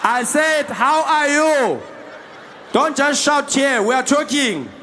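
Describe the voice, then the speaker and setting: A comedian doing a slow, patient South African cop. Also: male voice, very high voice, lively intonation, sharp tone, slight background noise, pitched above the performer's own voice, full character voice. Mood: patient coaxing. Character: calm polite male South African cop negotiator.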